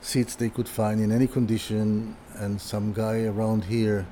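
An older man, a furniture designer appearing as a guest, recounts his early days in the trade as a casual anecdote. His lowish, mellow voice stays level, and he speaks haltingly, repeating words and restarting sentences. A faint hiss lingers behind him.

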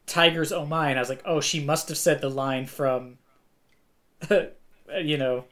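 A man co-hosting a casual podcast chat, animated and acting out quoted lines. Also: mid-range voice, unhurried. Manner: animated, acts out quoted voices. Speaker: podcast co-host.

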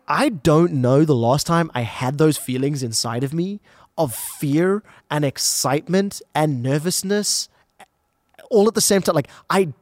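A man co-hosting an esports talk show, excitable and rambling, talking in casual desk chat. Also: on the high side, no echo, clean studio sound.

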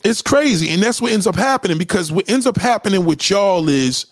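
A man delivering a profane, confrontational ranting monologue, swinging between loud outbursts and low mutters. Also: expressive, fairly quick, no room sound, studio quality.

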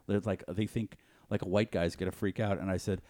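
A man's voice: deep voice, fairly even intonation, fairly quick, dark tone. A man co-hosting a casual podcast chat, telling stories animatedly, acting out the quotes and swearing freely. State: says he was hungover. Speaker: podcast co-host.

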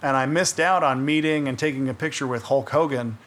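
A man co-hosting a casual podcast, relaxed and quick to laugh. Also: mid-range voice. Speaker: podcast co-host.

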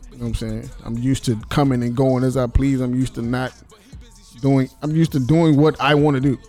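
A man talks quickly in a casual podcast conversation. He rambles, restarts and swears freely. Faint music sits under his voice. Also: medium pitch, fairly even intonation, dark tone. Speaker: podcast host.

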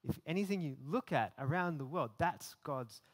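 A man's voice: on the high side, expressive, moderate pace. Man preaching conversationally. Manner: conversational, repeats words, laughs lightly, builds emphasis. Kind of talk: sermon.

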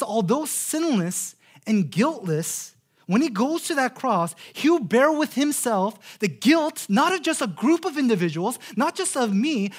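An earnest man in his thirties preaches a sermon. His pitch swings widely up and down, and he slows right down to lean on key phrases, often repeating words as he restarts a thought. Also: breathy edge. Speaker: pastor.

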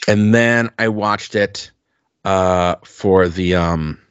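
Rambling low-voiced man, lo-fi. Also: takes it slowly, clear, resonant tone, no echo. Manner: rambling, many fillers and restarts. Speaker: podcast co-host. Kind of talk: casual chat.

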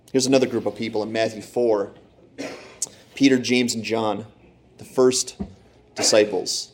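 A man preaches a sermon, retelling Bible stories dramatically and acting out the characters in different voices. His voice is on the low side, steady in tone, at normal speed.

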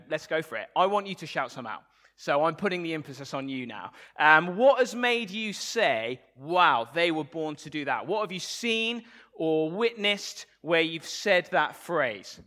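Bright-voiced preacher, playful. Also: male voice, on the high side. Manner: playful, asks the congregation questions. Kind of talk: sermon.

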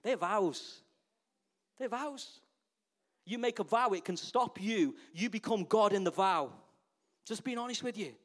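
A high-voiced pastor preaches a lively sermon at a normal pace, repeatedly drawing in the congregation with rhetorical questions.

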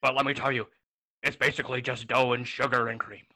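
A man's voice: medium pitch, flat delivery, fast, sharp tone. A man voicing a crude, foul-mouthed male character with a brash, swaggering, lewd way of talking. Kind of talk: comedic improv on a remote podcast.

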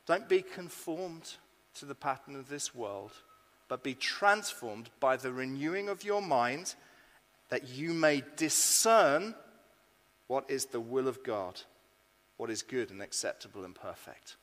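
A man preaching a sermon to his congregation, earnest and rising to bursts of excitement. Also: medium pitch, measured pace. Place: church hall. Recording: long hall reverb.

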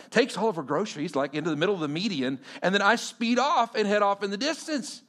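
A middle-aged man from Texas, a pastor telling a personal story in a sermon in an animated, conversational way with fillers. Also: sits high, fast, few pauses.

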